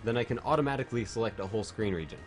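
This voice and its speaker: A man streaming a game while a bit drunk, chatting in a silly, rambling way and jumping into high joking voices. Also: racing, faint music behind. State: tipsy. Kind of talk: casual livestream chat.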